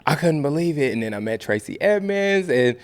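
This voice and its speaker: A man from the American Midwest, a podcast guest and actor, telling a story in a relaxed way and acting out the voices of the people in it. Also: fairly high pitch, a little fast. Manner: animated, acts out quoted voices. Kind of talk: casual storytelling.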